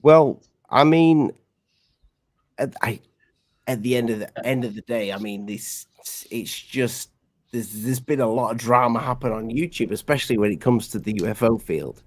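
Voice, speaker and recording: A man's voice: mid-range voice, moderate pace, no echo. Hesitant man on a dry mic. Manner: hesitant, stumbling, diplomatic. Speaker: panel guest. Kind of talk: casual live panel chat.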